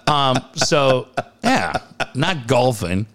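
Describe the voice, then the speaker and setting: A man's voice: medium pitch, sing-song, extremely slow, fairly bright tone. A male co-host in casual sports chat, telling profane, sarcastic stories.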